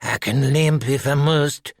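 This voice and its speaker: A man's voice: medium pitch, measured pace, dry recording, voice pushed up, close to an everyday voice. A man doing a blunt, complaining witch. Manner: blunt and self-pitying. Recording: dry close audiobook recording.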